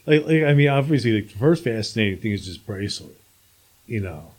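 A man's voice: on the low side, sing-song, fairly quick, darkish tone. A man hosting a casual interview, musing with many fillers and restarts. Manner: hesitant, filler-heavy musing.

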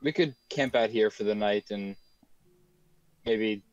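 A man's voice: on the low side, unhurried, no echo, dull audio. A man playing in a tabletop game, speaking politely and hesitantly, often stumbling over his words. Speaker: player. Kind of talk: casual tabletop play.

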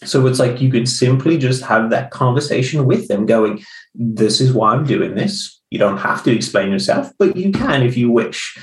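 A man's voice: expressive, moderate pace, recorded from a distance. Blunt swearing man in a roomy room. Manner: blunt, swears, acts out others' lines with big pitch jumps. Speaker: podcast co-host, coach. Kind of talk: casual podcast chat. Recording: roomy echo.

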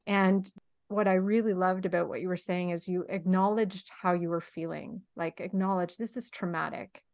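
A middle-aged woman hosting a podcast interview, speaking in a warm, emotionally affirming way. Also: on the low side, flat delivery, moderate pace, no room sound, studio quality. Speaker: podcast host. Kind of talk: conversational interview.

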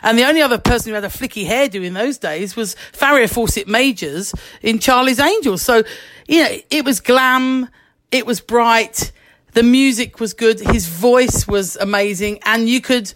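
A middle-aged woman chats as a guest, telling a story with animated quoted voices and frequent laughter. Her voice sits a little on the high side. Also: normal speed. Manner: lively, laughing often, acting out quoted voices. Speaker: actress, guest. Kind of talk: anecdotal chat, storytelling.

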